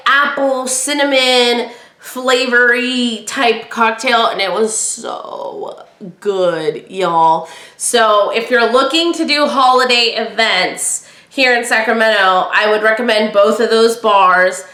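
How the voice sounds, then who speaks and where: A woman hosting a podcast, chatting casually and telling stories, acting out friends' lines in lively voices. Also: fairly high pitch, takes it slowly, echoey room. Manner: chatty storyteller, quotes friends in animated voices. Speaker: podcast host. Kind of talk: casual chat.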